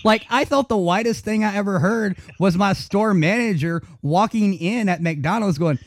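A man's voice: high voice, normal speed, hardly any pauses, dry recording. A man co-hosting a podcast, ranting heatedly with heavy swearing in casual chat. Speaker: podcast co-host.

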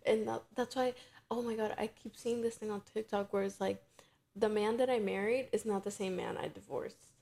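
A young woman with a gravelly, fry-heavy voice, chatting on a podcast. She tells stories with energy and slips into quoted voices to act out the characters. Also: medium pitch, moderate pace. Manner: animated storyteller, acts out scenarios in quoted voices. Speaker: podcast co-host. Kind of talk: casual chat.

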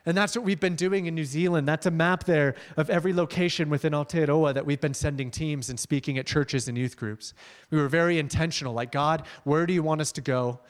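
A young man giving an energetic, conversational sermon as a missionary speaker, telling stories with slides and laughing often. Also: a little high, brisk.

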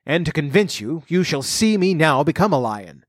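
A man voicing a boastful male ogre in a storybook, answering briskly. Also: fairly high pitch, big pitch swings, no room sound, studio quality, pitched above the performer's own voice.

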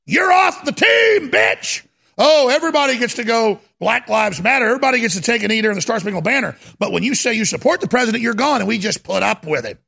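A man hosting a talk radio show, ranting fiercely and stammering as he swings from shouting to low muttering. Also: lively intonation, rapid-fire, gravelly, few pauses. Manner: fiery, stammering restarts.

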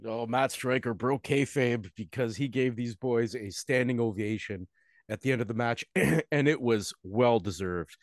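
A man's voice: mid-range voice, unhurried, no echo, clean studio sound. A man co-hosting a casual podcast, rambling with lots of fillers and restarts. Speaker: co-host.

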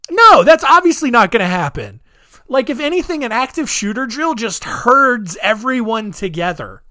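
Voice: medium pitch, big pitch swings, normal speed, bright, forceful tone, no echo, clean studio sound. A podcast host giving solo commentary in a rambling way, leaning heavily on filler words. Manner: rambling, heavy use of "like".

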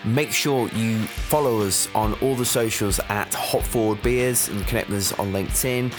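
A man's voice: fairly low pitch, normal speed. A man hosting a podcast, reading chatty plugs and promos with a lot of ums before an interview. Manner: chatty, upbeat plugging, filler-heavy. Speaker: podcast host. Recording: guitar music playing behind.

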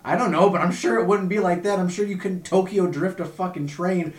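A man's voice: high voice, a little fast, distant mic, over a noisy crowd. A man co-hosting a podcast, joking around and laughing often in casual banter. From Canada. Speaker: podcast co-host. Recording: roomy, a bit off-mic.

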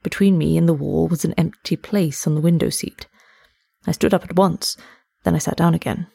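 A woman reads a story aloud at an even, measured pace. Her voice sits low and sounds gravelly and husky. The recording is dry and close. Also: no room sound. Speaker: story narrator. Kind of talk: scripted story narration.

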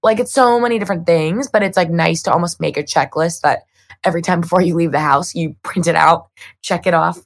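Young female podcast co-host; low, gravelly voice, upbeat and chatty. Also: brisk. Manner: upbeat, chatty, many "like" fillers. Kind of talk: casual podcast chat.

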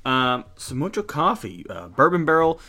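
Male podcast host, casual and blunt, bright forceful voice, swears freely, excitable. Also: fairly high pitch, moderate pace. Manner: blunt, excitable, swears and laughs often, many restarts. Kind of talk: casual podcast beer review and wrestling recap.

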